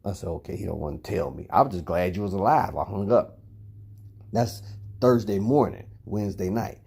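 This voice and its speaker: A man's voice: low-pitched, normal speed, creaky, warm tone, breathy edge. A middle-aged father at home, telling a long, rambling story to his son and swearing as he goes. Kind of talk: recorded monologue addressed to someone. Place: at home indoors.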